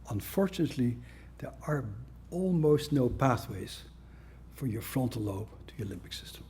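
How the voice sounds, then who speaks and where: Gravelly guy giving a talk, dark mellow voice, blunt and jokey. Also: medium pitch, expressive, normal speed, slight background noise. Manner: blunt, conversational, wry humor. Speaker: psychiatrist lecturer. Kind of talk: conference lecture.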